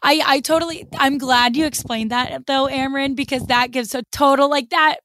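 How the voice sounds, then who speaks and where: A woman's voice: sits high, steady tone, normal speed, fairly bright tone, slight background noise. A woman co-hosting a podcast, speaking hesitantly and restarting often in casual chat. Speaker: podcast co-host.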